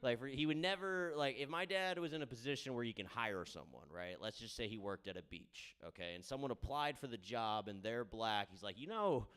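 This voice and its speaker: A man's voice: medium pitch, a little fast, hardly any pauses, a bit bright, clear, resonant tone. A young man doing a stand-up set in a comedy club, rambling through crowd work and stories with lots of filler and a habit of asking "all right?".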